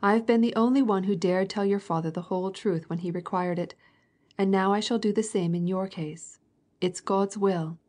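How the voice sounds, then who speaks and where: A woman's voice: medium pitch, steady tone, normal speed, lightly acted. A woman reading the part of a stern, outspoken fifty-year-old woman in an audiobook, blunt and scolding. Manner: scolding, outspoken, mock-gentle teasing.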